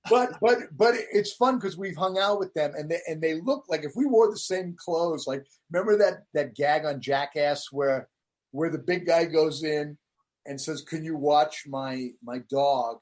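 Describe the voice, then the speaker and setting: Husky man telling lively stories. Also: fairly high pitch, a little slow. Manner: animated storyteller, acts out quotes. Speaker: interview guest, comedian. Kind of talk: casual storytelling chat.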